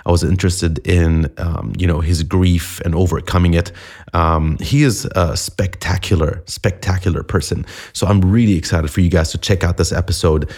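A man's voice: deep voice, steady tone, normal speed, a little mellow. A man hosting a podcast in a chatty, self-deprecating monologue, a little sniffly from a cold. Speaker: podcast host.

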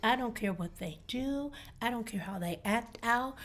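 Calm, measured woman therapist. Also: a little high. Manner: calm, measured, even-tempered. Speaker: therapist guest. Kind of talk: casual conversation about parenting.

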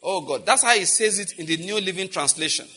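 A man's voice: sits high, lively intonation, fairly quick, bright, forceful tone, slightly rough. A man teaching a sermon on prayer, leading his congregation to repeat lines after him and breaking into fervent prayer. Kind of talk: sermon with call-and-response.

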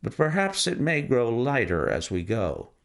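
A man's voice: medium pitch, wildly swooping pitch, gravelly, heavily acted. Man reading as a cool, precise detective. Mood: composed. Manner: measured, dry and self-assured. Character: cool, precise gentleman detective, adult male.

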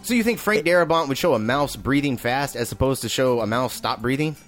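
A man's voice: mid-range voice, a little fast, fairly bright tone, faint music behind. A man co-hosting a casual movie review podcast, laid-back and swearing, arguing his points. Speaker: podcast co-host.

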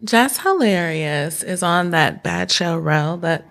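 Gravelly-voiced sarcastic woman. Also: fairly low pitch, animated, slow pace, a bit bright. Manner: sarcastic, gossipy storyteller. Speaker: podcast co-host. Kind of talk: casual chat.

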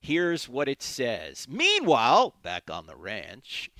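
A man's voice: mid-range voice, huge pitch swings, takes it slowly, hardly any pauses, a bit bright, dry recording. A man hosting a radio Bible teaching show, speaking emphatically and posing questions he then answers himself, into a studio microphone. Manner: emphatic, asks and answers his own questions.

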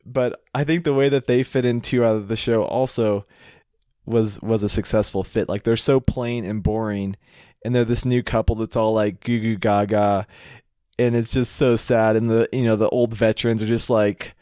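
A man co-hosting a casual podcast chat about a TV show, relaxed and talkative, often repeating his words. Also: fairly low pitch, normal speed, dry recording, studio quality. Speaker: podcast co-host.

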